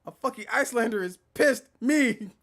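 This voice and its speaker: Guy streaming a game, loud and cussing, animated trash talk. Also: very high voice, normal speed. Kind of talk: casual gaming commentary.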